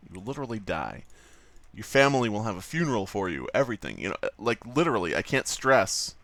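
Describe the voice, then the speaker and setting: Sweary streamer guy rambling while he draws, pitch all over the place, super dry close mic. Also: big pitch swings, fast talker, a bit bright, dry recording. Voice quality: profane, rambling and joking. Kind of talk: casual livestream commentary.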